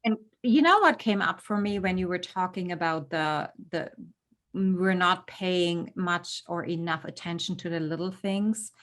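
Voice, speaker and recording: A woman's voice: lowish voice, a little slow, a bit bright. A middle-aged woman co-hosting a casual chat show, talking earnestly and pushing her voice up sharply when she stresses a point. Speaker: podcast co-host.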